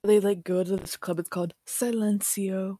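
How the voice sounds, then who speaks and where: A woman's voice: mid-range voice, fairly even intonation, moderate pace, mellow, no echo, studio quality. A woman in her twenties co-hosting a podcast in casual chat, rambling and self-deprecating, laughing often. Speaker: podcast co-host.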